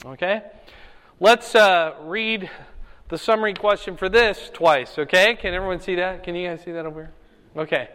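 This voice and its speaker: Emphatic pastor in an echoey hall. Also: male voice, high-pitched, normal speed, a bit bright, smooth. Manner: emphatic, asks the room "okay?" and "right?". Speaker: pastor teaching a Bible class. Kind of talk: sermon-style Bible teaching. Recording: echoey hall with long reverb.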